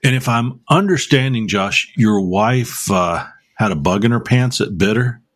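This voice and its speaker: A man's voice: mid-range voice, animated, unhurried. A man hosting a podcast in casual, joking chat. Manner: joking, rambling. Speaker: podcast host.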